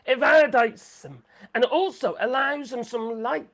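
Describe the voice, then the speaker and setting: A woman hosting a live stream in rambling chat, excitable, swearing freely and laughing a lot. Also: a little high, normal speed.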